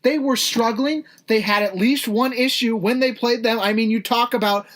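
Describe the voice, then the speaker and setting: A man's voice: extremely high pitch, a bit bright. A man co-hosting a sports podcast, ranting hard and a bit out of breath. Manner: fast, indignant ranting. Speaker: podcast co-host. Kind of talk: heated sports rant.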